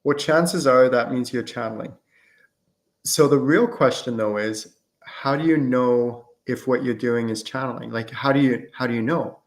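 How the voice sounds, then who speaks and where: A man's voice: medium pitch, normal speed. A middle-aged man answers viewer questions on a live stream in a loose, conversational way. He fills his talk with "like" and "um" and slips into acted-out back-and-forths. His voice sits in an ordinary middle range. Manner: casual and chatty, many fillers, acts out student exchanges. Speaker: host and channeling teacher.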